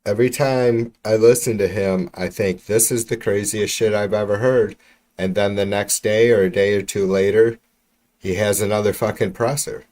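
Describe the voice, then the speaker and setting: A man's voice: fairly low pitch, steady tone, moderate pace, darkish tone. A man hosting a livestream, ranting about politics in a profane, exasperated way with lots of restarts. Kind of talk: casual ranting livestream commentary. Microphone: computer mic while streaming.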